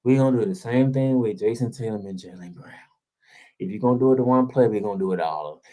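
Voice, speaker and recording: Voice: mid-range voice, fast talker, warm tone. A sports show host delivering a heated solo rant, sarcastic and casual, firing off rhetorical questions and repeating points for emphasis.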